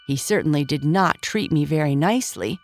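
Rueful, chatty toy elephant with a funny voice, lively pitch, from a woman reading. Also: a little fast, no echo, soft background music. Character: friendly broken male toy elephant.

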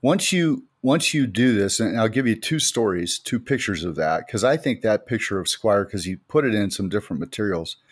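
On a casual faith podcast, a middle-aged American man co-hosts and retells anecdotes with emphasis in a storytelling manner. His voice is on the low side, with lively intonation, a moderate pace, hardly any pauses and a breathy edge. The recording is dry.

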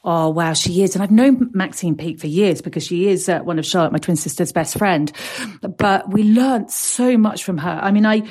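A woman's voice: fairly low pitch, moderate pace, a little mellow. Enthusiastic woman podcast host in her fifties. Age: 50s. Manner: enthusiastic, restarts words often. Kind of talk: casual podcast chat.

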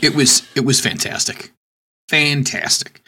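A man's voice: mid-range voice, a little slow, creaky, sharp tone. A man co-hosting a casual podcast chat, with teasing, easygoing talk. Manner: teasing, easily set laughing. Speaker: podcast co-host.

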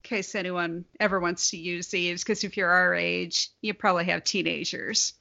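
Woman, forties, podcast co-host, candid, casual swearing, low voice, gravelly fry. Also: fairly even intonation, moderate pace, pushed and bright, no room sound, dull audio. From grew up on a farm. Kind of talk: casual chat.

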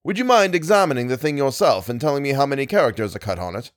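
Old male professor, brisk, offhand, secretive, lively tune, storybook, man reading. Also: mid-range voice, dry recording, studio quality, natural voice. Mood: absorbed.

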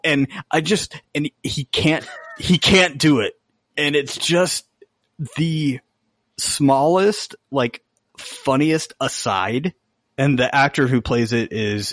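A man's voice: medium pitch, dry recording. Enthusiastic man, dry close sound. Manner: enthusiastic, emphatic recommending. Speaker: podcast co-host. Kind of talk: casual chat.

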